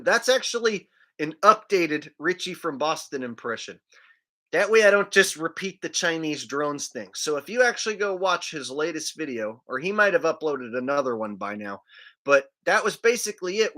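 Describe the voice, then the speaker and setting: A man's voice: fairly high pitch, expressive, moderate pace, pushed and bright. A man hosting a casual livestream, rambling loosely and dropping "man" and "like" as he talks. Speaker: livestream host.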